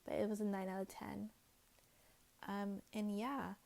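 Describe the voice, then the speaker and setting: A woman talks through a reality show episode in a loose, chatty way, dropping swear words and acting out the lines people said. Her pitch sits right in the middle for a woman. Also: flat delivery, unhurried, creaky, a little mellow. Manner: chatty, swears freely, acts out quotes. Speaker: recap vlogger. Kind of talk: casual recap chat.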